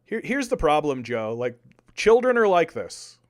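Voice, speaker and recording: A young man doing casual live-stream political commentary, animated, repeating words and arguing with his chat. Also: on the high side, unhurried. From Canada.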